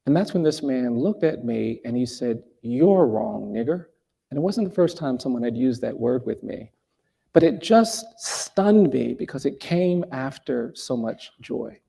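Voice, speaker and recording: A middle-aged man with a gravelly, husky voice and a mellow tone. He tells a personal story slowly and earnestly, restarting phrases and lifting his voice to stress key points. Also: mid-range voice, animated. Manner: earnest, with frequent restarts and emphatic rises. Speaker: speaker telling a personal story.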